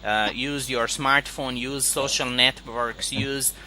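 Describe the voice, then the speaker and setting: A man gives a one-on-one lesson over a call, his voice very bright and sharp. He is patient and repeats the key words so the student catches them. A faint hiss sits behind the voice. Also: mid-range voice, fairly even intonation, slow, poor audio. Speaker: English teacher. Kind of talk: online one-on-one English lesson.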